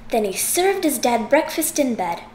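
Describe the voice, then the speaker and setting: A woman reading a children's picture book aloud, expressive and sing-song. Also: sits high, moderate pace, echoey room. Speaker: audiobook reader. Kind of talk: children's story read aloud.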